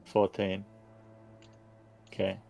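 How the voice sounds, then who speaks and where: A man narrating as game master, relaxed and hesitant with frequent fillers. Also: sits low, extremely slow, vocal fry, soft background music. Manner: relaxed, hesitant with many ums.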